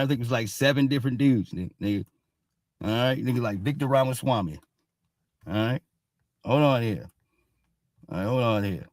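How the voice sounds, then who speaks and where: A show host runs a casual news commentary stream, holding forth in a blunt, profane, loose way and ending nearly every thought with a quick "all right?" His ordinary mid-pitched voice sounds close and dry, with no room around it.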